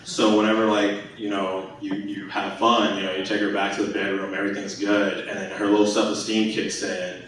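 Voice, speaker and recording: A man's voice: fairly low pitch, flat delivery, fairly quick, hardly any pauses, fairly bright tone. A young man doing a crude, rambling stand-up set full of fillers on a comedy club stage. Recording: echoey club recording from far off.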